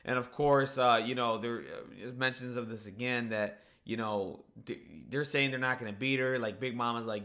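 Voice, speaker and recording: A man giving a casual, excited spoken recap of a manga chapter, swearing freely and filling his talk with "like" and "you know". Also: medium pitch, moderate pace, hardly any pauses.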